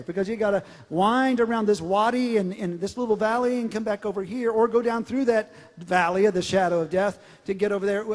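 A man with a strikingly high voice preaches a sermon in a large church sanctuary. He stretches out scripture lines for emphasis and often restarts his words. His voice rings with long reverb through the hall. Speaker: pastor.

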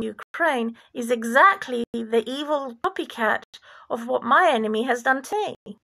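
A woman from former Yugoslavia giving an impassioned religious monologue, deliberate and preachy, sometimes dropping to a whisper. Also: fairly high pitch, animated, vocal fry, bright, forceful tone. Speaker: vlogger.

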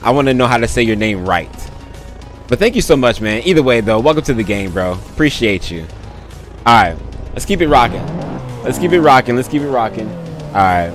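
Man, game streamer, slangy, hyped casual commentary, mid pitch, faint background music. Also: sing-song, fairly quick. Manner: hyped, slangy, thanks viewers often.

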